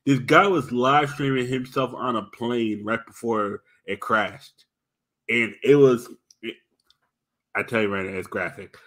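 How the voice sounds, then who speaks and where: A man's voice: mid-range voice, a little slow. A young man co-hosting a podcast in crude, casual chat. He rambles and swears a lot. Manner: profane, rambling, excitable. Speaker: podcast co-host.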